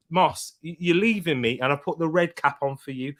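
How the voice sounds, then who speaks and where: A young man talks casually into his home stream, tired but still chatty. His voice sits at a middle pitch as he gives slangy shout-outs and reads out comments from his viewers. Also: fairly quick, few pauses. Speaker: football watchalong streamer. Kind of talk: casual live-stream chat.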